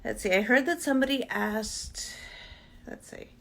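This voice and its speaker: A woman's voice: a little high, normal speed, creaky, fairly bright tone. A woman hosting a casual live Q and A from her vanity at home, chatting and laughing with viewers. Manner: chatty, laughs often, coos at her pet. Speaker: livestream host.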